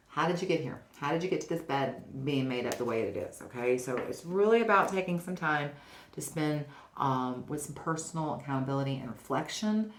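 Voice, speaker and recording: A woman's voice: low-pitched, animated, fairly quick. A woman giving a casual tarot reading to her viewers, chatty and often checking in with "okay?". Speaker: tarot reader. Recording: roomy echo, faint noise.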